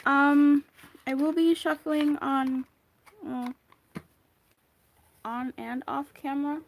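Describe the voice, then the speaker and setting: This woman's voice sits high and gravelly, with fairly even intonation, a slow pace, and a little hiss or hum on the recording. As a tarot card reader doing a casual monthly reading, she rambles chattily, wanders into tangents, and restarts sentences.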